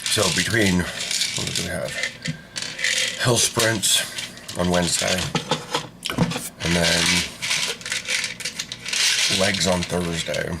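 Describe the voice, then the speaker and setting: Rambling, deep-voiced man chatting to camera. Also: steady tone, extremely slow, gravelly, long pauses, very noisy. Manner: rambling, chatty, self-interrupting. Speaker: vlogger. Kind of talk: casual chat to camera. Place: indoors near a counter.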